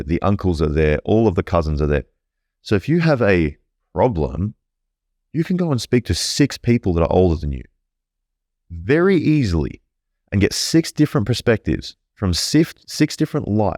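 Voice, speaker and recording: A man's voice: lowish voice, darkish tone, no room sound, clean studio sound. A man speaking bluntly and earnestly as a podcast guest, swearing freely in casual interview talk.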